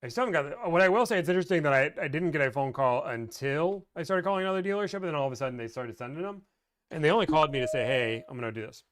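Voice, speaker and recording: A man hosting a live stream about negotiating car deals, chatting casually and thinking out loud with frequent restarts. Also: fairly high pitch, animated, rapid-fire, no echo. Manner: thinks aloud, rambling with restarts. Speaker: car deal negotiator and livestream host.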